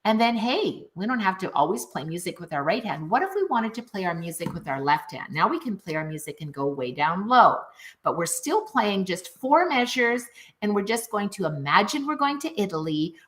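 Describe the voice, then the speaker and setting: Lively, bright-voiced woman music teacher. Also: on the low side. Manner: upbeat, animated, addresses viewers directly. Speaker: music teacher and program founder. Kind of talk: enthusiastic online teaching video.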